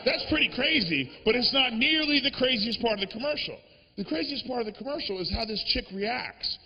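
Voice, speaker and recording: A man doing a stand-up comedy set on a live stage, brash and profane, breaking into shouted rants into a handheld mic. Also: very high voice, expressive, a little fast, creaky, in a large hall. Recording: dull lo-fi live recording.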